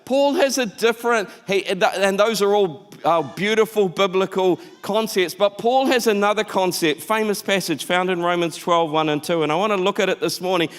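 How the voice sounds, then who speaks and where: High-voiced pastor in a reverberant church hall. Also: male voice, normal speed, few pauses, clear, resonant tone. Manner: animated storytelling, conversational. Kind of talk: sermon. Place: church auditorium.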